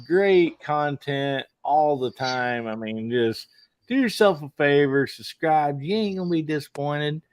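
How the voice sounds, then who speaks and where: A man's voice: on the high side, unhurried, clear, resonant tone, no echo. A man hosting a casual live podcast, folksy and generous with praise for his guests. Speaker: podcast host.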